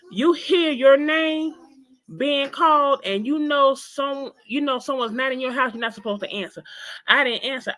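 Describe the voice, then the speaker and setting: A woman guest in an interview, telling a personal story in an animated, emphatic way and speaking straight to her listeners. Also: high voice.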